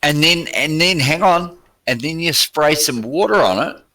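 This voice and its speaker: An Australian man argues in a loose online chat, his voice bright and ringing. He swears freely and sounds exasperated, pushing his point with loud outbursts. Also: on the high side, lively intonation, normal speed. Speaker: helicopter pilot guest. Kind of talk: heated casual debate.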